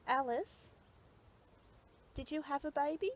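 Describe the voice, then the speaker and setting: A woman working as a psychic medium, gently asking a spirit question after question at a graveside in an outdoor cemetery. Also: high-pitched, measured pace. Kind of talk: spoken séance at a graveside. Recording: outdoor noise behind the voice.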